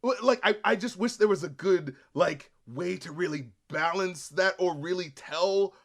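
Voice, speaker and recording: A man co-hosting a casual movie review chat, talking excitedly and profanely and acting out quotes from the film. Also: sits high, normal speed, vocal fry. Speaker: co-host of a film review show. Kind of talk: casual spoilery movie discussion.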